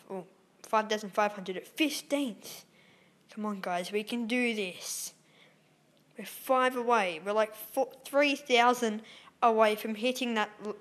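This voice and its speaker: A woman giving excitable live gameplay commentary as a YouTuber, squealing at wins and dropping to whispers when tense. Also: mid-range voice. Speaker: gaming YouTuber.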